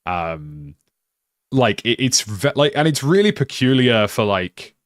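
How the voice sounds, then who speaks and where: A man's voice: mid-range voice, very animated, measured pace, dry recording, studio quality. A young British man chatting casually on a live stream, rambling with lots of "like" and restarts. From United Kingdom.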